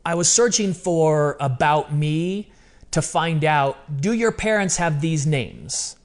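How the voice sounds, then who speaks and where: Man, 50s, podcast guest, fairly high voice; expressive, conversational storyteller. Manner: animated, emotional storytelling with quick asides.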